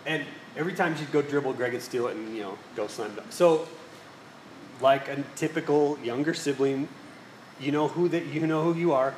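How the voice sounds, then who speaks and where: A man's voice: fairly high pitch, fairly quick, slight background noise. A man, a pastor, giving a sermon, telling stories and asking the congregation questions. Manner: storytelling, rhetorical questions to the congregation. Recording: echoey hall with faint ambience.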